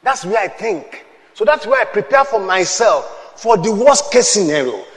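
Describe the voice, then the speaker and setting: A man, preaching a sermon with emphatic, shouted peaks and call-and-response with the congregation. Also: high voice, big pitch swings, moderate pace, long reverb tail. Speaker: pastor.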